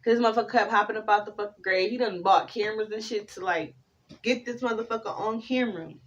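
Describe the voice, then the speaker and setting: A woman's voice: mid-range voice, quick pace, far from the mic, lo-fi sound. Profane, rambling woman reading tarot. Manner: profane, rambling, animated storytelling. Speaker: tarot reader.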